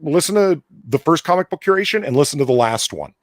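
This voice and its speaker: A man's voice: fairly high pitch, animated, fast talker, no echo, clean studio sound. A man co-hosting a casual podcast chat, ranting animatedly and swearing a lot. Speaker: podcast co-host.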